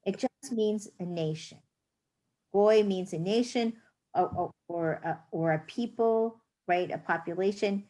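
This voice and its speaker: Patient woman teaching slowly. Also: mid-range voice, warm tone. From United States. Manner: slow, patient, sounding words out clearly. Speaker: teacher of a Hebrew reading class. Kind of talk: online class teaching.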